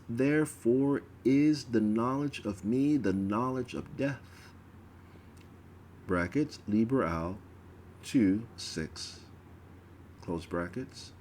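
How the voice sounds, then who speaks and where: Male reader, unhurried ritual-text reading, faint hiss behind. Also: lowish voice. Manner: slow, measured reading with stumbles.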